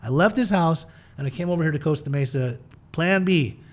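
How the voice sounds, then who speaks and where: A middle-aged man candidly telling his own recovery story in an interview, animated and casual, acting out the voices of people in it. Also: fairly high pitch, fairly quick. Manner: animated, acts out quoted voices, swears casually.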